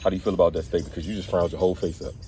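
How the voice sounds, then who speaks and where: Animated lowish male host. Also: very fast, slight background noise. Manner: animated storyteller, laughs at himself. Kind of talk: casual conversation.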